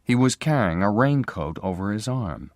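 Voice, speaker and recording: A man narrating a graded reader story in a clear, measured way. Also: on the low side, expressive, dry recording, clean studio sound. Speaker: audiobook narrator.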